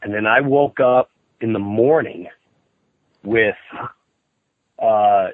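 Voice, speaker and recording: A man calling in as a guest, telling a story in an animated way and acting out what people said. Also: slow pace, no room sound. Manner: excitable, acts out quotes in shrill outbursts. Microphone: phone call. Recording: tinny dry phone line.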